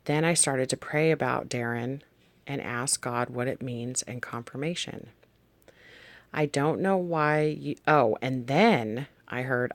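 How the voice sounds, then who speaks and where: Talking straight to the camera, this vlog host wanders through dreams and visions written in a notebook, catching and fixing their own words along the way. The voice sits in the mid range and takes its time, recorded dry.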